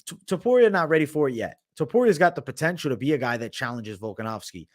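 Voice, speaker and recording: A man's voice: a little high, expressive, quick pace. Young man, livestream host, casual chat, reads chat questions, says bro a lot, blunt.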